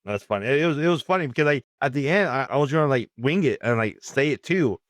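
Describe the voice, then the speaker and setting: A man co-hosting a poker podcast, telling jokey stories in casual banter. His pitch sits in the middle for a man. The recording is dry and close, with no room sound. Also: expressive, fast, dry recording. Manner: joking storyteller with swearing, and repeats words as he talks. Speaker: podcast co-host.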